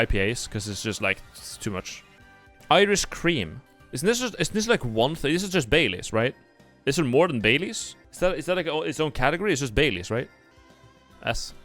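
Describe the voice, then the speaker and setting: A young male streamer whose voice swings up and down in a lively way as he thinks aloud, blunt and profane. Soft music plays faintly underneath. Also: a little high. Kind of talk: casual livestream commentary. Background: faint background music.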